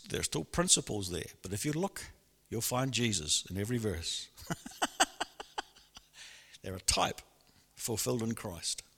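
A man preaching a sermon in a church hall, lively and animated, often laughing and acting out voices. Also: lowish voice, gravelly, slightly rough. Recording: long hall reverb.

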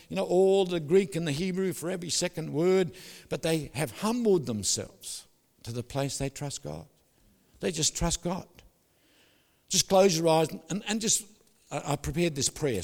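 A man preaching a sermon as a pastor, animated and joking, often asking the congregation to agree. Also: a little high, vocal fry, in a large hall. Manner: animated storytelling with jokes, asks the crowd "is that right?".

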